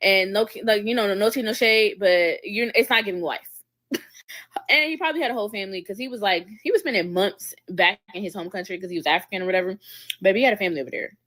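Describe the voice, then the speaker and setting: A woman's voice: mid-range voice, fast, a bit bright. A woman co-hosting a livestream, telling stories in chatty, slang-filled casual talk. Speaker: livestream co-host. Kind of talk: casual chat.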